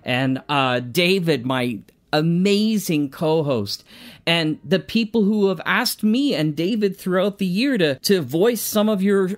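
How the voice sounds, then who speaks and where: A man hosting an audio drama podcast, talking in an excitable way with frequent stammering restarts. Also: a little high. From Canada. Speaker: podcast host. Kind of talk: audio drama acting and casual thanks.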